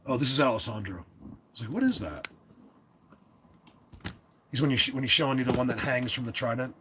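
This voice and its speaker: A man hosting a live stream, chatting casually and rambling, often clearing his throat and restarting his sentences. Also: mid-range voice, fairly even intonation, racing, bright, forceful tone, slight background noise.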